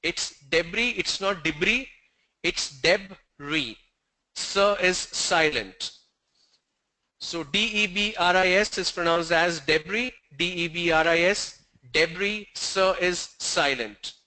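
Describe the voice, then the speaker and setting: A man teaches pronunciation in a high, bright voice. He speaks slowly and deliberately, spelling out letters and firmly correcting his students. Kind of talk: online class answering student questions.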